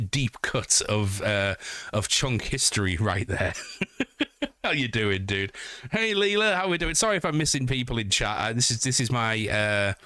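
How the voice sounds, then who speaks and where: A man's voice: mid-range voice, bright, forceful tone, no echo, clean studio sound. A man chatting casually on a livestream, joking and swearing as he talks to his viewers.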